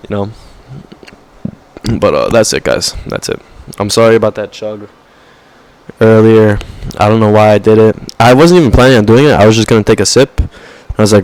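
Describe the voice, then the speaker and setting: Slight background noise sits under a brisk, darkish male voice. He's a young vlogger ranting profanely and aimlessly to camera, dropping "bro" often and imitating people in a mocking, higher-pitched put-on voice.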